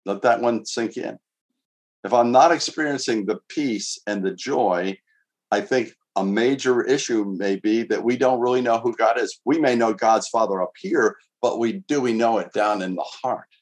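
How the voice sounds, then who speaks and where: A man's voice: on the low side, normal speed. Earnest man preaching a conversational sermon. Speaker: pastor. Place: outdoors in winter.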